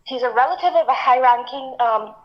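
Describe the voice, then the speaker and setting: A woman's voice: high-pitched, brisk. A woman caller who is emotional, speaking hesitantly and apologetically over the phone. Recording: muffled phone call.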